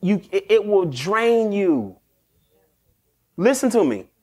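A man hosting a show, giving street-wise motivational advice in an animated way, laughing often and acting out quick exchanges. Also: high-pitched, husky. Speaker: podcast host.

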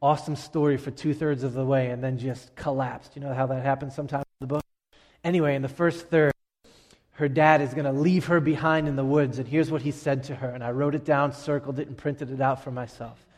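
A middle-aged man preaching a sermon as pastor, emphatic, with dramatic pauses and swings from loud to hushed. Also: mid-range voice, steady tone. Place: church sanctuary. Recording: long reverb of a large hall.

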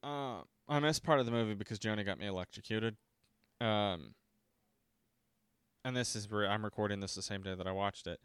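A man's voice: on the low side, brisk, long pauses, fairly bright tone, clear, resonant tone, no echo, clean studio sound. Sarcastic, profane man ranting about a movie. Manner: profane, sarcastic, acts out quotes in mocking voices. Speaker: podcast host reviewing a horror movie. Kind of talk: casual ranting movie commentary. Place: home.

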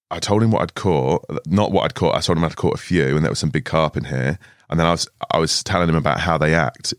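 A man's voice: rumbling low, dry recording, studio quality. A man, a carp angler guest on a podcast, telling a rambling story with frequent laughs and restarts. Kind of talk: casual storytelling chat. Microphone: studio podcast mic.

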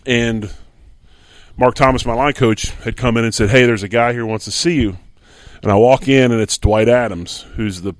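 A man's voice: medium pitch, dry recording. A middle-aged man from Philadelphia, a former football lineman, telling a story as a guest and acting out the dialogue. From Philadelphia, USA. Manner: animated storyteller who acts out quoted dialogue. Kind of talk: casual anecdotal storytelling.

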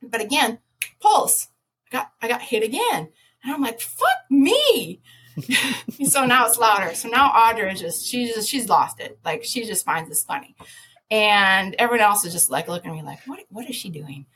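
A woman, a podcast guest, telling an animated story with lots of laughter, sudden loud shouted quotes and many restarts. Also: medium pitch, normal speed, a little hiss or hum. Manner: lively, laughing, jumps to loud shouts when quoting herself.

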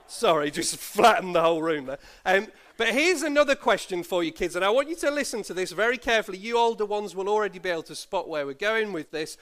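A man, a pastor, reading scripture and preaching a sermon, playful and lively as he asks children questions. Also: high-pitched, brisk. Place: church service.

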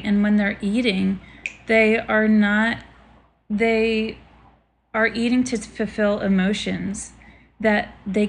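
A woman in her thirties chatting casually as a co-host, telling stories with animated energy. She acts out what others said as she goes. A faint noise floor sits under her voice. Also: mid-range voice, vocal fry. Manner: animated storyteller, acts out quotes with laughter. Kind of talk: casual chat.

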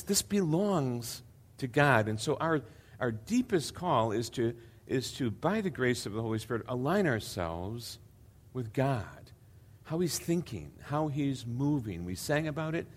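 A man's voice: mid-range voice, big pitch swings, a little slow. An older man preaching as a visiting pastor, earnest and hesitant with many fillers, building to emphatic repetition. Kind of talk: sermon.

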